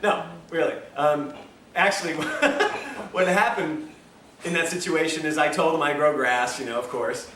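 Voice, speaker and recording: Animated man lecturing in an echoey room. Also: fairly high pitch, unhurried. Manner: animated, acts out dialogue in stories, laughs often. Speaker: health lecturer. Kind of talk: storytelling lecture to a live class. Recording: echoey lecture room, distant mic, faint hiss.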